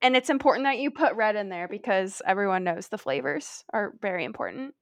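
A woman's voice: mid-range voice, lively intonation, a little fast, vocal fry, no room sound, clean studio sound. A woman from Omaha with an American accent, co-hosting a casual podcast in a wry, laid-back, self-mocking way. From Omaha, United States. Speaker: podcast co-host.

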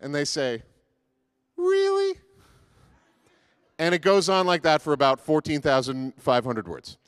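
A man's voice: on the high side, expressive, moderate pace, clean tone, no echo. A man giving a casual, joking sermon as pastor, with many fillers and restarts.

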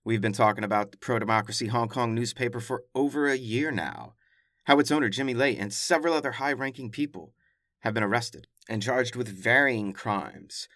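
A man's voice: medium pitch, brisk, a bit bright, no room sound. A male podcast host who runs through world headlines in a casual, emphatic way and adds wry, exasperated asides. His voice sits in the middle register and is recorded dry and close, with no room sound. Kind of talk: casual news commentary.

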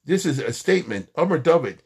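A man teaches Torah in a chatty, animated way. His husky voice rises and falls a lot as he acts out quoted lines. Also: on the high side, a little fast.

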